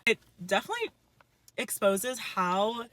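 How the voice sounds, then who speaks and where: A woman's voice: a little high, very animated, unhurried, a bit bright, rough recording. A woman hosting a podcast who answers her guest in a casual, sympathetic and reflective way. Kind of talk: casual chat.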